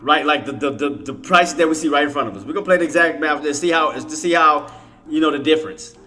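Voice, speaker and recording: A man's voice: on the high side, fast, bright, forceful tone, faint music behind. A man giving live commentary on his trading, exasperated, swearing and talking straight to his chat viewers. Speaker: day trader streaming to viewers.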